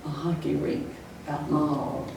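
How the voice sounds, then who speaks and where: A retired teacher, now an older woman, looks back fondly on her classroom, often chuckling as she tells her stories. Her low voice holds a steady tone and moderate pace, with vocal fry and a slightly mellow quality. The recording is echoey and distant, with faint noise.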